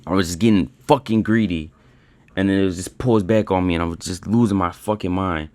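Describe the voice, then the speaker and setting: Deep-voiced young man venting, dry sound. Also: fairly quick, darkish tone, dry recording. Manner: swears constantly, repeats himself, rambling. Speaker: day trader recapping his session. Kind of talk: frustrated screen-share rant.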